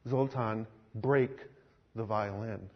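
A man voicing a calm, commanding Jesus, speaking low, hushed and solemn, in a sermon story. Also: slow, slightly rough, muffled recording, exaggerated voice. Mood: stern.

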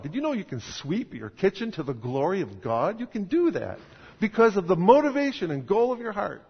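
A man's voice: fairly high pitch, big pitch swings, fairly quick, husky. A man preaching a sermon in a conversational, emphatic style with rhetorical questions. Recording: dull sound in a reverberant hall.

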